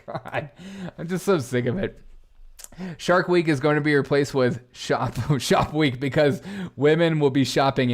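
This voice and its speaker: A man's voice: on the high side, unhurried. A man hosting a live-stream commentary show, reacting to headlines and chat in a sarcastic, mocking way. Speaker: political commentary host.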